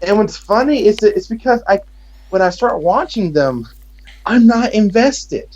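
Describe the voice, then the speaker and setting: A man's voice: high voice, lively intonation, measured pace, a little mellow, dull audio. A man from Texas speaking with an American accent, rambling and joking sarcastically in casual chat.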